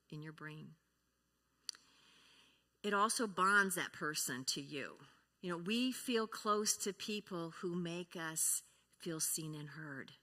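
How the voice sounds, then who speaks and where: A middle-aged woman giving a conversational sermon in a church, telling stories and leading the congregation in repeating a phrase. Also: medium pitch. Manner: warm storytelling, leads the congregation in repeating a phrase. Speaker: church speaker. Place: church sanctuary. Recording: reverberant church hall.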